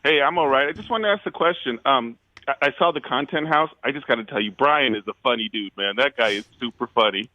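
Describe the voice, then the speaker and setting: Male caller, quick and upbeat, slightly high voice, muffled phone line. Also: no echo. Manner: upbeat, quick friendly talker. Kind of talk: phone-in chat.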